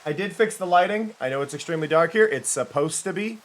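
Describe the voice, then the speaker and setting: Playful, animated male streamer. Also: on the high side, quick pace. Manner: playful, excitable, talks to chat. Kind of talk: live gaming stream chat.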